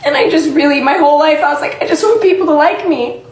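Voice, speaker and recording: A woman content creator crying as she speaks to her followers, halting and filling gaps with many ums. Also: sits high, reverberant, slight background noise, rough recording. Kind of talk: tearful casual talk to followers.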